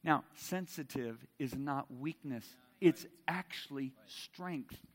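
A middle-aged man preaching a sermon, swinging from loud emphasis to soft intimacy and asking the audience direct questions. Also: mid-range voice, slow pace, big-room sound.

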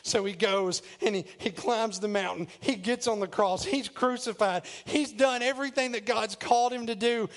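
A male pastor preaching a sermon, retelling scripture in plain words and dropping to a low, quiet voice for emphasis. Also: moderate pace, hardly any pauses. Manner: paraphrases scripture in plain modern speech.

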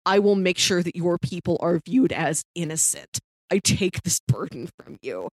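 A calm, empathetic male hero speaking steady, firm vows in a low voice, as a woman reads him out. The sound is dry and close. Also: normal speed, no room sound.

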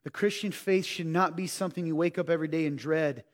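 A man preaching a sermon in a conversational way, swinging between emphatic lines and hushed ones. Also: fairly high pitch, quick pace. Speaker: pastor. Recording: reverberant hall.

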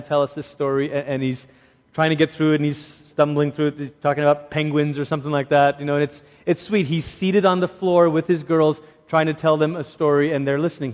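A man delivering a sermon with a fairly high voice, moving between quick, lively asides and soft, hushed emphasis. His voice rings out with a long reverb, as if he is in a large hall. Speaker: preacher.

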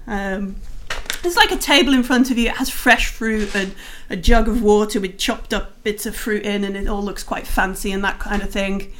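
A woman's voice: medium pitch, moderate pace, a bit bright, slight background noise. A woman narrating as game master for a tabletop game, rambling with many fillers.

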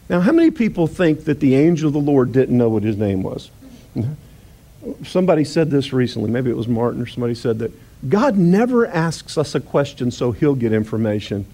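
A male pastor preaching a sermon, emphatic and repetitive, acting out Bible dialogue and rising toward near-shouts on key lines. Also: fairly high pitch. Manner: acts out Bible dialogue in character voices.

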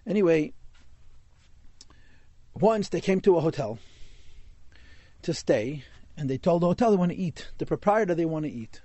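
Storytelling man, mellow and dry. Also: on the high side, expressive, moderate pace, pauses often, dry recording. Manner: narrates a tale, with Yiddish and Hebrew words. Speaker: rabbi telling a Hasidic story. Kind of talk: storytelling class.

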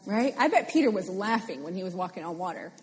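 A woman preaching a sermon, animated and playful, repeating phrases for emphasis. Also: mid-range voice, fast talker, husky, in a large hall.

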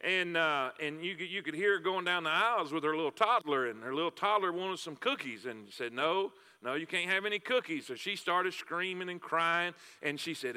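A man's voice: sits high, animated, fairly quick, hardly any pauses, sharp tone, clean tone. A man preaching a sermon, telling folksy stories with repeated words and fillers. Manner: folksy storytelling with repetitions and fillers. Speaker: pastor. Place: church sanctuary. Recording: long hall reverb.

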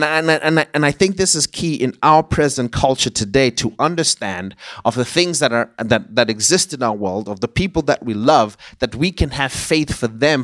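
A man's voice: medium pitch, a bit bright, no echo, studio quality. A man giving a Bible teaching who often repeats words as he searches for the next phrase.

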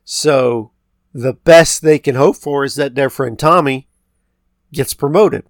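A man's voice: medium pitch, slow, no echo, studio quality. Rambling man recapping a movie. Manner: rambling, retells scenes with quoted lines. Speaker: podcast co-host. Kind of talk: casual movie recap chat.

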